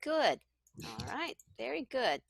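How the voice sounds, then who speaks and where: A woman's voice: sits high, sing-song, slow, creaky, breathy edge, no echo, clean studio sound. A woman tutoring Tagalog one-on-one over a video call, patiently checking that her student follows. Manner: patient, checks understanding with frequent "okay?". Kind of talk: one-on-one online language lesson.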